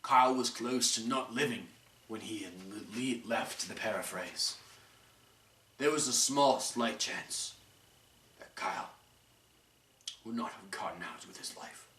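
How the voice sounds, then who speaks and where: A man's voice: mid-range voice, measured pace, long pauses, pushed and bright. A man narrating an amateur story with earnest, dramatic delivery. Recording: echoey room, mic far off, faint hiss.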